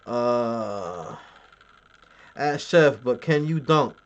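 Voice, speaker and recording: Streamer, male, mid-pitched, crude boastful banter with chat, dull lo-fi mic. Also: animated, extremely slow. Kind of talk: casual live-stream chat.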